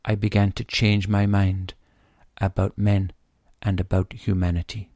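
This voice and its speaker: A man's voice: lowish voice, level tone, measured pace, mellow, dry recording. A man reading aloud from his own memoir in an earnest, grieving way, then talking about it.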